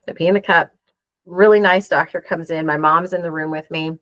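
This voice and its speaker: A woman in her forties speaks in a fairly low voice, earnestly recounting events and playing out each quoted exchange. The sound is dry and a little muffled, with a lo-fi dullness. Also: steady tone, quick pace, a bit bright, no echo. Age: 40s. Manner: earnest, acts out quoted dialogue. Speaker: interview guest. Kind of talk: emotional personal storytelling.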